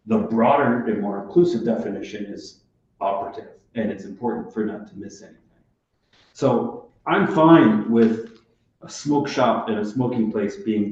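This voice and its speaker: A man speaking as a city alder at a committee meeting, talking in a deliberate, measured way with some restarts. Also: fairly low pitch, a little mellow. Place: council chamber. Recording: echoey council chamber, dull sound.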